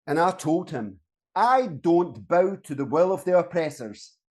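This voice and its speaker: A man's voice: on the high side, expressive, unhurried. A man playing a sardonic rebel soldier. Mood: sarcastic. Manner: sardonic, dry. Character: sarcastic rebellious male soldier. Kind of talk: audio comedy acting.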